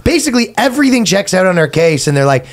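A man co-hosting a comedy podcast, telling a story in casual chat and acting out the quotes in raised voices. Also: fast talker. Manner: animated storytelling, acts out quotes in high voices. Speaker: podcast co-host.

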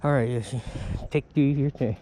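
A man's voice: mid-range voice, steady tone, moderate pace, mellow, a little hiss or hum. A man vlogging in the woods, chatting casually, talking to his dog and swearing now and then. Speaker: bushcraft vlogger. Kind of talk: casual vlog talk. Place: outdoors in the woods.

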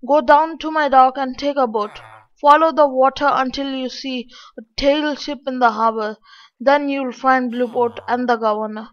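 A woman's voice: high voice, steady tone, moderate pace, lightly acted. A woman reading out the lines of a helpful old male wizard in a game story. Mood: explaining. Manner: helpful, explaining. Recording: dull lo-fi.

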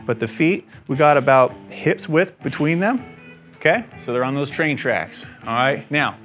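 A man's voice: a little high, lively intonation, moderate pace, a bit bright, faint music behind. A young man, a fitness instructor, leading a guided exercise class with encouraging cues and frequent check-ins.

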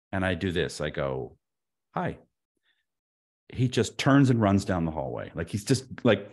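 A man in his fifties, a podcast guest telling an anecdote in an animated way, with frequent stammered restarts. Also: fairly low pitch. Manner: stammering restarts, lively and expressive.

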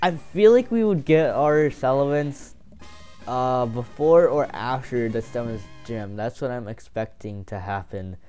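A young man talks through his game in loose, excitable commentary, swearing freely and cracking jokes to himself. His voice sits at an ordinary middle pitch. Faint game music plays under him. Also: a little slow. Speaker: gameplay commentator. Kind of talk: casual gameplay commentary.

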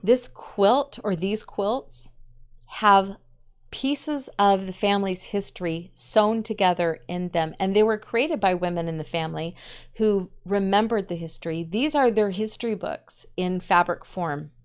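A woman teacher reads a story aloud in a smooth, clear voice of middle pitch. She tells it in a measured way and breaks off now and then to explain a point to the class. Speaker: literature teacher.

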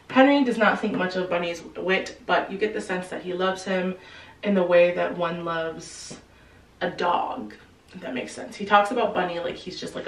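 A woman casually retelling a novel's plot in a chatty, slangy way, quickly acting out the characters' lines. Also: medium pitch, roomy sound, far from the mic, poor audio. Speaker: book explainer. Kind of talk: casual book recap.

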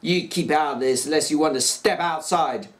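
A man voicing a short, hot-tempered young male boxer who picks fights and shouts. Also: on the high side, moderate pace, natural voice. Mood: defensive. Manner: belligerent, shouting.

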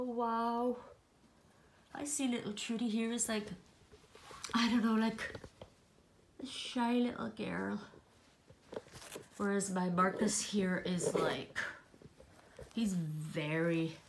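An older woman chats to her viewers in a rambling, affectionate way, a little short of breath. Her voice sits at a middle pitch. It echoes around a room in her apartment. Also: slight background noise. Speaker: doll collector vlogger. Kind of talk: casual chatty vlog.

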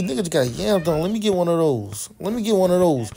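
A young gaming streamer with a high, sing-song, mellow voice and some vocal fry talks quickly, barely pausing, while playing a basketball video game. His casual commentary trash-talks teammates, swears, and repeats itself.

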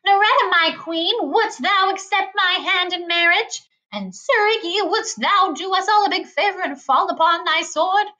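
A woman's voice: extremely high pitch, normal speed, few pauses, pushed and bright, voice pushed up. A woman reading aloud, voicing a small, clever, cocky boy in a storybook. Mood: mock-grand. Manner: cocky, mock-grand.

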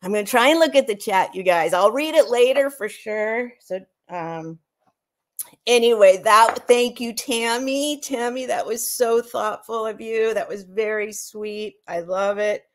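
A woman's voice: a little high, measured pace. A woman vlogger chatting casually on a livestream, gushing and rambling, teary after crying. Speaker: vlogger opening gifts.

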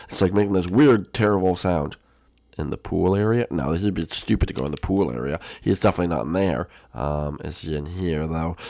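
A man voicing a jumpy young male turtle prince in a game video role-play, swinging between hushed whispers and sudden shouts. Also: low voice, gravelly, no echo, studio quality.

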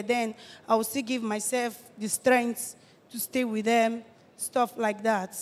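An eighteen-year-old woman with a Nigerian accent gives a halting personal testimony, often restarting her phrases. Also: a little high, flat delivery, big-room sound. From Delta State, Nigeria. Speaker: testifying church guest.

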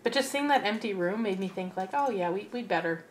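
A woman's voice: mid-range voice, expressive, a little fast, a little hiss or hum. Chatty young woman narrating gameplay. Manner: chatty, talks to her game characters. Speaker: let's play host. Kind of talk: casual gameplay commentary.

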